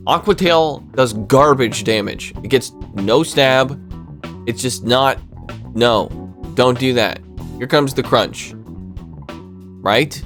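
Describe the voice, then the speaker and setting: An excitable man talks through a game battle in a casual commentary style, reacting aloud to each play. His voice sits at a medium pitch. Soft music plays faintly behind him. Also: slow, pauses often. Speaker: gaming commentator.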